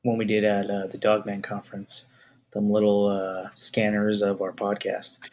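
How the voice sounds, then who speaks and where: A man's voice: on the low side, normal speed, a little hiss or hum. A man co-hosting a podcast, telling rambling stories in casual chat. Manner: rambling storyteller, animated. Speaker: podcast co-host.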